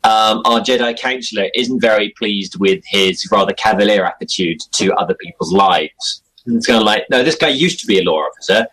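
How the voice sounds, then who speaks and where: In a casual interview chat, a young male guest talks about his role-playing game character, rambling and self-deprecating, with regular chuckles. He speaks a little fast in a lowish, slightly bright voice, and the recording is low quality.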